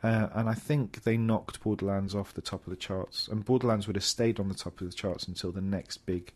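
A man co-hosting a casual chat about video games, his voice sitting a little low. He explains at length, circling back with fillers and restarts. The delivery is loose and conversational. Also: fairly even intonation, brisk, darkish tone. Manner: rambling, filler-heavy, explanatory. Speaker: gaming show co-host.

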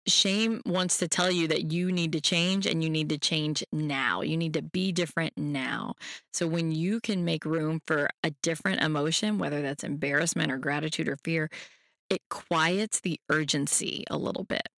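A podcast host who gives a self-help talk in a gentle, reassuring way and speaks straight to the listener. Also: medium pitch, moderate pace, creaky, dry recording, clean studio sound.

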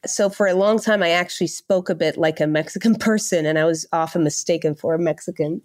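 Lively, laughing Dutch-born woman. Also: lowish voice, quick pace. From Netherlands. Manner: animated, laughing storyteller. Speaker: podcast guest. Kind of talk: casual interview chat.

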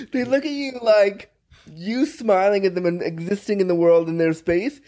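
Man, high voice, podcast host, playful, teasing, casual chat. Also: normal speed, dark tone.

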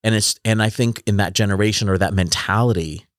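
A man's voice: on the low side, fairly quick, no echo, clean studio sound. A man in his forties talking in a reflective, casual conversation, often trailing off and restarting his sentences. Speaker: podcast host.

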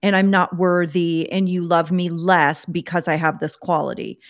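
A woman's voice: lowish voice, steady tone, normal speed, dry recording, studio quality. Earnest woman co-hosting a talk. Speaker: podcast co-host. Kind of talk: casual conversation.

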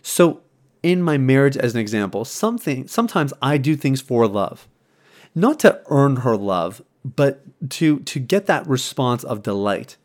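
A married man hosting a podcast, talking earnestly in a casual, reflective monologue, often restarting his sentences and filling pauses with ums. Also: mid-range voice, sing-song. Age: adult, married. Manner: earnest, conversational, many restarts and fillers. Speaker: podcast host.

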